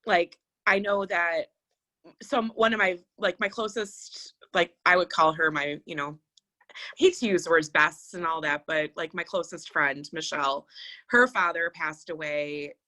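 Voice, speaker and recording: A woman's voice: on the low side, fairly even intonation, a little slow, bright, forceful tone. A middle-aged woman co-hosting a podcast in casual chat, rambling and reflective with many fillers. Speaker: podcast co-host.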